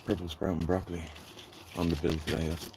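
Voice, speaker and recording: Low-voiced Dublin man, rambling gardening-stream host talking to chat, with steady noise behind him. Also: fairly quick. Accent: Dublin Irish. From Ireland. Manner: chatty, rambling, talks to his viewers while working. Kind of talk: casual live-stream chat.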